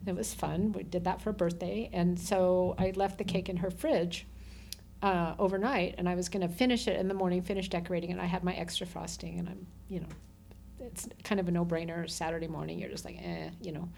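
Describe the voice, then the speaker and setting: Middle-aged woman interview guest, slightly gravelly, lively anecdotes. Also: fairly low pitch, fairly quick, a little hiss or hum. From Southern Nevada. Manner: animated storyteller who laughs often. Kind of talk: casual storytelling.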